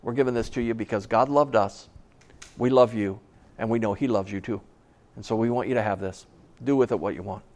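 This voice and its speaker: A man's voice: fairly low pitch, brisk, darkish tone. A middle-aged male pastor giving a sermon, driving points home by repeating them, with chatty storytelling asides. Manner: emphatic, repeating key phrases.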